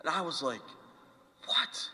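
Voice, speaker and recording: A male pastor gives a casual, storytelling homily and keeps turning to the congregation with questions. His voice is bright and forward, pitched a bit above the usual. A long church reverb trails each phrase. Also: animated, normal speed. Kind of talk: conversational homily.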